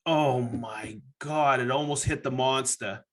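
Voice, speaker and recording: A man hosting a podcast, telling a story in casual chat, animated and profane, acting out his own reactions. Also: mid-range voice, slow pace, slight background noise. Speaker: podcast host.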